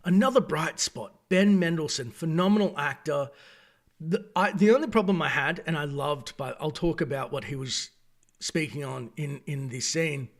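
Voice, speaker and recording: An Australian man giving a casual, opinionated review, talking in an animated, digressive way. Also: on the high side, normal speed. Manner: animated, digressive, acts out quoted voices. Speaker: video reviewer.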